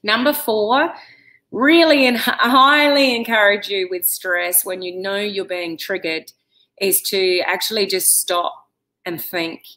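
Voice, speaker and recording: A woman's voice: mid-range voice, slow pace, sharp tone, rough recording. A middle-aged woman talking casually to camera, giving advice in a chatty, direct way with lots of fillers. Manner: chatty, direct, with many "you know"s. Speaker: vlogger giving life advice.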